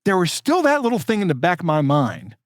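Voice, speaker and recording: A man with a slightly raised pitch tells a personal story on a podcast in a loose, rambling way, full of fillers and false starts. The sound is dry and close, with no room around it. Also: huge pitch swings, brisk, no room sound. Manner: rambling, many restarts and fillers. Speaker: podcast co-host. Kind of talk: casual storytelling chat.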